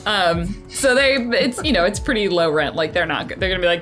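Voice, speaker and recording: A woman's voice: mid-range voice, expressive, normal speed, music in the background. A woman running a tabletop game as game master, chatty and loose, with many fillers. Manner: chatty, full of fillers, laughs often.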